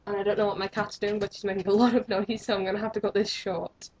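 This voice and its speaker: A woman's voice: medium pitch, flat delivery, fast, a little mellow, husky. A young woman, chatting to camera in a rambling, self-mocking vlog. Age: young adult. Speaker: vlogger. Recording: dull lo-fi webcam audio.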